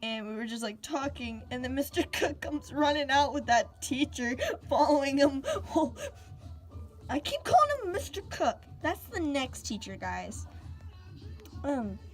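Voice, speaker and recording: A teenage girl tells a casual storytime vlog, drawing out her words at an unhurried pace. Her voice sits slightly high and she giggles through asides and fillers, with faint music underneath. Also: very animated. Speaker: storyteller, vlogger.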